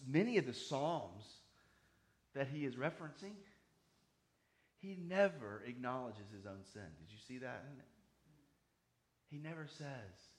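A man preaching a sermon, emphatic, swinging between loud high stresses and quiet asides. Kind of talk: sermon teaching.

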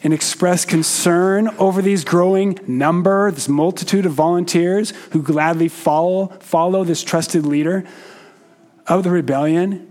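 A man preaching a sermon in a slow, measured way with frequent pauses, sometimes putting questions to the congregation. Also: high voice, fairly even intonation, a little mellow.

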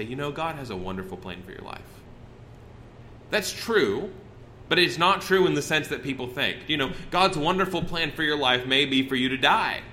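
A man's voice: a little high, pushed and bright, a little hiss or hum. A man preaching a sermon in a conversational, folksy way, often breaking off and restarting his sentences. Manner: conversational, folksy, with self-interruptions.

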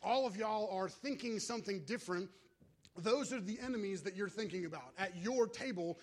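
A man's voice: high voice, normal speed. A man preaching a sermon as pastor, in a casual, conversational way, calling out to the congregation.

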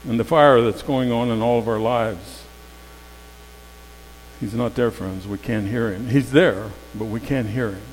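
A male preacher delivers a sermon in a loose, conversational storytelling manner, his voice set at an ordinary middle pitch. He moves from loud, emphatic passages to near-hushed ones. The sound carries a long hall reverb over a faint mains hum. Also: unhurried.

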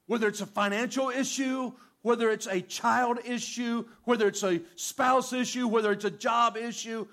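Male pastor, high voice, animated sermon delivery, reads scripture aloud. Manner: animated preaching, acts out prayers in a softer voice.

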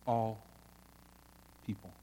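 A man preaching a sermon as pastor, earnest, swelling loud and then dropping almost to a hush. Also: extremely slow, long reverb tail, slight background noise.

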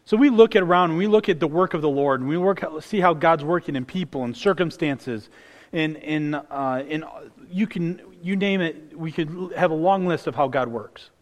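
Earnest male preacher, higher voice. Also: normal speed, in a large hall. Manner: casual, earnest, with frequent restarts and rising excitement. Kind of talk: sermon.

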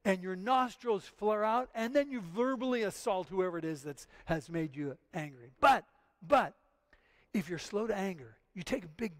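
A male pastor preaching a sermon in an earnest, emphatic way, often repeating his phrases. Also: sits high.

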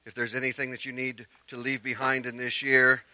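A man preaching a sermon as pastor, telling a story with animated emphasis that drops to quiet earnestness. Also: mid-range voice, fairly quick, dry recording.

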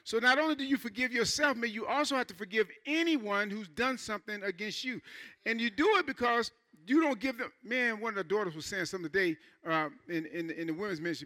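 In an expressive, sharp, high voice, the pastor preaches informally, breaking into quick portrayals of people in his church.

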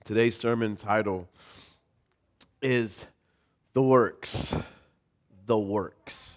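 A man's voice: lowish voice, drawn-out words. A man in his thirties, a pastor preaching a sermon in a casual, storytelling way with light self-deprecating humor.

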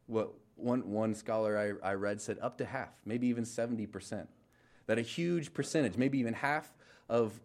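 A young adult man preaching a relaxed, conversational sermon, full of fillers, restarts and asides. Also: lowish voice. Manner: informal, filler-heavy, many restarts and trailing asides. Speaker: pastor.

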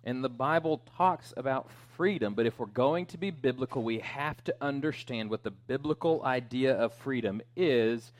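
A male pastor delivers a sermon in a conversational, easygoing manner. His voice sits in an ordinary middle register, and he drops joking asides and small fillers along the way. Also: mid-range voice.

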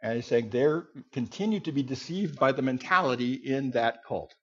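With an expressive, slightly rough medium-pitched voice at normal speed, a man teaches a group from a Bible passage. His sermon style is folksy and conversational, with asides and abrupt loud outbursts. The audio is dull and lo-fi.

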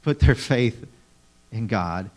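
A man preaching a sermon to a live group, teaching in a lively way and acting out quotes with sudden loud, dramatic outbursts. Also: fairly low pitch, slow. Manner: animated, acts out quotes dramatically, talks to audience members. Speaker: pastor.

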